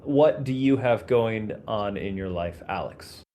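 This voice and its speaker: A man with a fairly low voice hosts a relaxed podcast. He chats casually, laughs readily and jokes about himself, with a faint hum of room noise behind him. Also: unhurried. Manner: laughs often, self-deprecating banter. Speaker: podcast host, physician.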